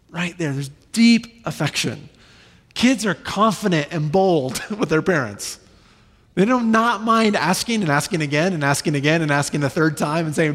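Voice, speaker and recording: A man in his thirties preaching a sermon, animated, with sudden high bursts when he acts out children. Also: moderate pace. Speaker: pastor. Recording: long reverb in a large hall.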